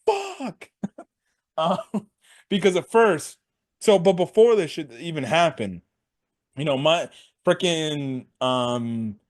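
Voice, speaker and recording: A young man giving a casual, excitable wrestling recap, full of slang and constant swearing. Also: on the high side, slow, pauses often. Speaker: wrestling show reviewer.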